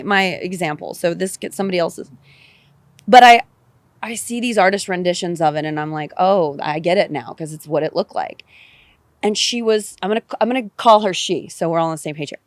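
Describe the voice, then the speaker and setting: A woman guest on a podcast tells her story with lively energy, circling back over her words and dropping the odd curse. Her voice sits at a middle pitch. The recording is dry and close, with almost no room sound. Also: no echo. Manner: animated, repeats phrases, swears casually. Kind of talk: personal storytelling in a podcast interview.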